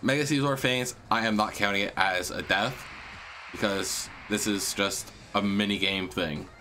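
A man hosting a video game let's play, excitable and slangy, cursing and talking to his viewers. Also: on the low side, measured pace, faint music behind. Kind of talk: casual gameplay commentary.

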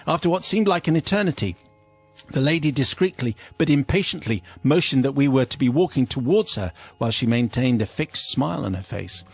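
A British man, a radio host, reads a listener's comic story aloud with lively, amused delivery and playful quoted voices. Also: medium pitch, brisk, gravelly, breathy edge, no echo, soft background music.

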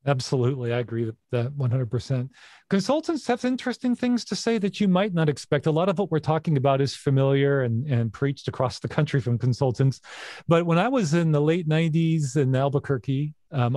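A man's voice: a little high, lively intonation, a little fast, dark tone, no room sound, studio quality. A middle-aged man hosting an interview in a casual, reflective way, laughing often. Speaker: podcast host.

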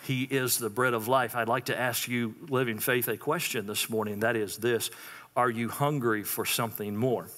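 Bright-voiced pastor preaching. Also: male voice, medium pitch, steady tone, moderate pace, in a large hall. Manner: call-and-response preaching, repeated prompts to the congregation. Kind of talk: sermon. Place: church sanctuary.

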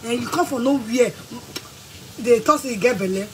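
A woman with a Nigerian accent, ranting angrily and scolding someone in bursts of shouting and threats. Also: a little high, moderate pace, background noise. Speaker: vlogger. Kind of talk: angry rant to camera.

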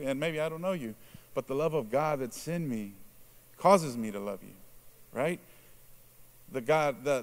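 Conversational male preacher. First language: Spanish. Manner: conversational, asks the congregation questions, many asides with "right?"; acts out quoted reactions in a lowered voice. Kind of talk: sermon.

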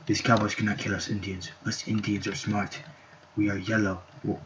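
A young man talks through a video game in a loose, silly, self-mocking ramble. His voice sits a little low. The recording is muffled and lo-fi, with a faint hiss and keyboard clicks behind it. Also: flat delivery, fast talker, fairly bright tone. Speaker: gameplay commentator. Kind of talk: casual gameplay commentary. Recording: dull lo-fi home recording with faint noise.

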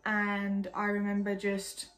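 A woman's voice: medium pitch, slow, faint music behind. A young woman from England telling a personal story in a casual, candid way, full of "like". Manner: chatty, lots of "like", candid and animated. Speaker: vlogger.

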